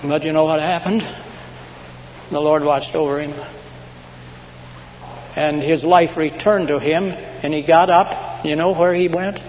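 A man with a somewhat high voice preaches a sermon, his words trailing off into a long hall reverb. He tells his stories dramatically, drawing out big declarations, then dropping to a hush. A faint hum sits under the recording. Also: steady tone. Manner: dramatic storytelling, swinging between loud, slow proclamations and hushed asides. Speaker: pastor.

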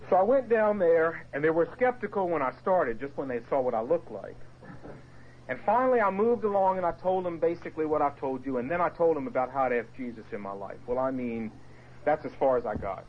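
Animated man telling his testimony. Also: fairly high pitch, brisk, narrow, tinny audio, slight background noise. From Portsmouth, Virginia area. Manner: storytelling with lively voiced quotes and asides. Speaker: speaker giving his testimony. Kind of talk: animated personal testimony to a group.

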